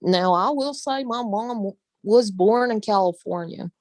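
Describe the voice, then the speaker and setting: A woman's voice: mid-range voice, a little slow, a little mellow, no echo. A woman from the Southern United States with a Southern accent, chatting casually on her vlog, laughing often and using folksy phrases. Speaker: vlogger. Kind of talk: casual chat.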